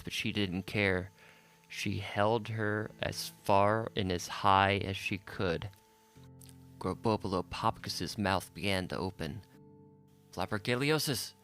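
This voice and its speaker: A man narrating an audiobook in a measured, unhurried storytelling manner. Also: low voice, a bit bright.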